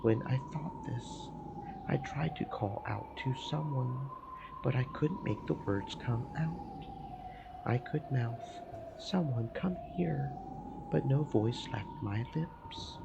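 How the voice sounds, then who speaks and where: Slow, gravelly man reading a visual novel. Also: mid-range voice, heavy background noise. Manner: slow, emotive reading that swells into panicked repetition. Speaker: let's play streamer. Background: game music.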